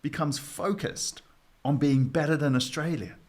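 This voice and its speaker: Animated New Zealand man joking around. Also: a little high, a little slow. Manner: animated, does comic voices, jokey. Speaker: comedian guest. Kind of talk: casual comedic chat.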